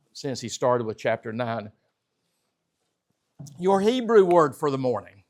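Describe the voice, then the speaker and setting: A male pastor delivers a sermon in a church sanctuary at a middle pitch. He teaches in a conversational way, putting questions to the congregation. He swings between loud emphasis and quiet asides. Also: creaky.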